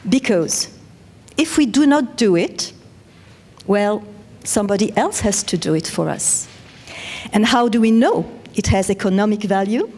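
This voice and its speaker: A woman with a French accent giving a measured, explanatory conference talk. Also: mid-range voice, animated, darkish tone. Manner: measured, explanatory, with self-corrections. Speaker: conference speaker.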